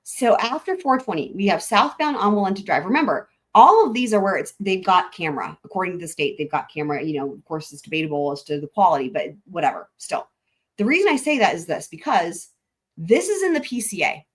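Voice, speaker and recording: A woman's voice: on the low side, sing-song, brisk. A woman hosting a live stream, talking her way through maps in casual, rambling commentary with frequent swearing and restarts. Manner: rambling, profane, thinking aloud with frequent "like" and restarts. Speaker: livestream host.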